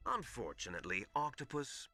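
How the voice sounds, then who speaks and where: A man's voice: medium pitch, big pitch swings, normal speed, sharp tone, faint music behind. An actor playing a theatrical, mocking male villain in a video game, speaking with a put-on British accent and curling his sentences upward. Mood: scheming. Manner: gloating, upward curl at sentence ends.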